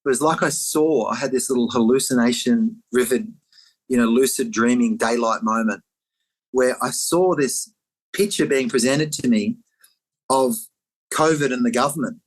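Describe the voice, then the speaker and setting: A middle-aged man speaks as a guest in a conversation, recounting a personal experience in an animated way. He leans on filler words and jumps his voice around to act out the things people said. His pitch sits in an ordinary middle range for a man. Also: normal speed, low-quality recording. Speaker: interview guest.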